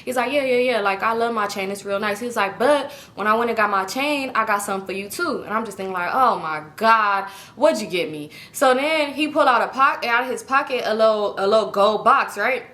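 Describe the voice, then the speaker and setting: A woman's voice: a little high, quick pace, few pauses. A young adult woman telling a personal story to her viewers in a casual storytime, acting out both sides of the conversation and talking straight to the audience. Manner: animated, acts out both sides of a dialogue, addresses viewers directly.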